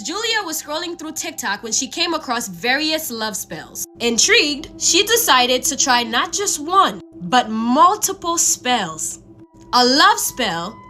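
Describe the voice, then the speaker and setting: Woman narrator of spooky social stories, bright and lively, quite high. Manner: animated. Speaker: storyteller. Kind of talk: scripted horror narration.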